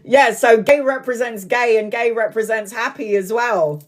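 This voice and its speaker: Speaking at normal speed in a slightly high voice, a woman gives a live tarot reading. She chats, laughs often mid-sentence, and occasionally stretches out phrases to emphasize them.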